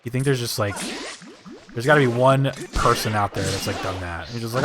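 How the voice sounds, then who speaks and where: A man's voice: medium pitch, fairly quick, fairly bright tone, soft background music. A man streaming live gameplay, joking, swearing and rambling in asides.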